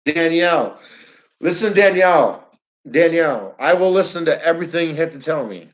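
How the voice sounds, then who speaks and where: New York-accented man, blunt and animated livestream ranter, slightly high voice, muffled audio. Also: normal speed. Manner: blunt, animated, repeats himself, talks to chat viewers. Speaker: flat earth livestreamer. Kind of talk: fired-up livestream rant.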